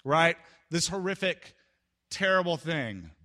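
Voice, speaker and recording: A man preaching a sermon, retelling a story with dramatic swings between loud outbursts and hushed pauses. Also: on the high side, big pitch swings.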